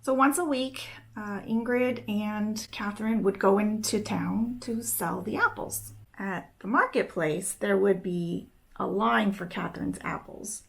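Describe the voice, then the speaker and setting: A young woman retells a story in a relaxed, chatty way and keeps slipping in "she's like" to report the dialogue. She speaks slowly, and a little vocal fry runs through her voice. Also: medium pitch. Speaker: book summarizing nail vlogger. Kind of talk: casual spoken story retelling.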